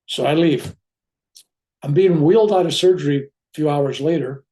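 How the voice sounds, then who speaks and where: A man, a reverend, telling a personal story in an animated way, acting out the people he quotes. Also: fairly high pitch, normal speed. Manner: animated retelling, acting out quoted voices, chuckling asides. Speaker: reverend sharing a spiritual experience.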